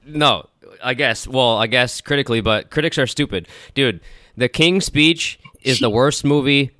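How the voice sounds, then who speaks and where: Smooth-voiced profane podcast co-host. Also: male voice, medium pitch, measured pace, bright, forceful tone, no echo, studio quality. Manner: rambling, profane, laughs often. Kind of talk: casual podcast banter.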